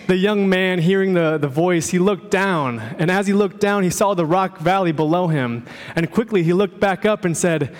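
Higher-voiced pastor in a reverberant sanctuary. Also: male voice, normal speed, few pauses. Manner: relaxed, with frequent "uh" fillers. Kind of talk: sermon and scripture reading. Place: large church sanctuary. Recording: long church reverb.

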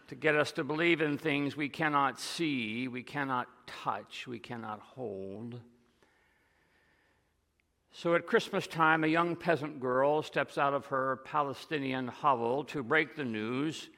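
A man preaching a sermon, retelling stories and dropping to a hush on key lines. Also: mid-range voice, vocal fry, big-room sound. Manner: storytelling, drops to a soft hush on key lines.

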